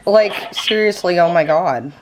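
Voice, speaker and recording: A woman's voice: fairly low pitch, unhurried. A woman vlogging casually at home, reacting bluntly and swearing freely as she talks to her viewers. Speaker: lifestyle vlogger.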